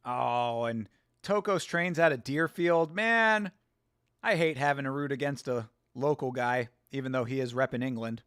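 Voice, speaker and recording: A man's voice: mid-range voice, moderate pace, fairly bright tone, clear, resonant tone, no room sound. Chatty man hosting a stream, dry sound. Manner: chatty, rambling, with restarts and laughs. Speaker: host reading chat on a fight watch-along stream. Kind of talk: casual chat and storytelling.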